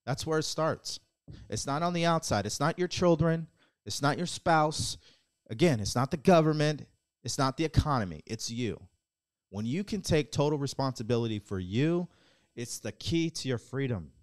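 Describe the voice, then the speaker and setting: A man's voice: medium pitch, animated, moderate pace. A man hosting his own podcast, giving a blunt, preachy motivational talk, swearing casually and challenging listeners with repeated rhetorical questions. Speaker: podcast host. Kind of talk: motivational monologue.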